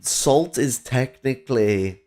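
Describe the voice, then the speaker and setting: A man's voice: mid-range voice, slow pace, warm tone. A man from England, chatting casually and rambling with lots of restarts. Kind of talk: casual chat.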